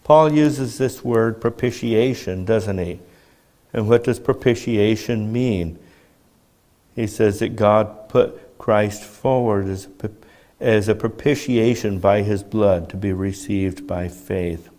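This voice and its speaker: Slow, measured male preacher. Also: fairly low pitch, darkish tone. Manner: measured teaching tone with rhetorical questions. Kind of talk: sermon.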